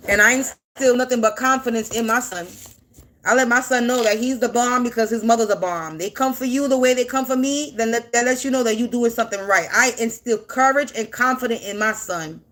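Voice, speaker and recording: A woman's voice: a little high, a little fast, fairly bright tone. A woman in her forties gives an unscripted monologue to camera. She is defiant and blunt, swears freely, and hammers her points home through repetition. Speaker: spiritual content creator.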